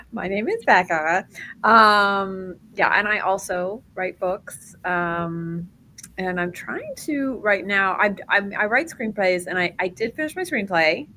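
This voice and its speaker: A woman's voice: medium pitch, animated, slow pace, bright, forceful tone. A woman guest in a casual video call chat, rambling with many fillers. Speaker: guest writer.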